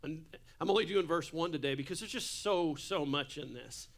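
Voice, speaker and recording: A man preaches a relaxed, humorous sermon, full of asides and stories. His voice sits high and rings bright and clear. He is in a church. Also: moderate pace. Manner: casual, jokey preaching with asides. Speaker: pastor.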